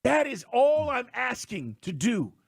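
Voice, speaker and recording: A man hosting a sports talk radio show from a studio, telling stories in an animated, emphatic way. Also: very high voice, unhurried, vocal fry, husky, no echo.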